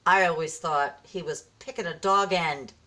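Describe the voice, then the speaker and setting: A woman's voice: fairly low pitch, moderate pace, sharp tone. A woman vlogging casually as she opens gifts, effusive and gushing, often gasping and exclaiming. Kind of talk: casual vlog, opening gifts from a viewer.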